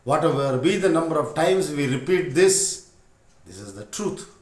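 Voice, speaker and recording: A man's voice: on the high side, expressive. Man teaching in an echoey room. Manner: unhurried storytelling with frequent pauses. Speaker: spiritual teacher. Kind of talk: spiritual discourse. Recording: roomy echo.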